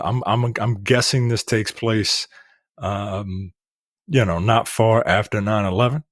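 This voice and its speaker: A man's voice: on the low side, a little slow, dry recording, clean studio sound. Blunt, rambling man talking movies. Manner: blunt, profane, rambling with fillers. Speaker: podcast co-host. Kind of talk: casual film review chat.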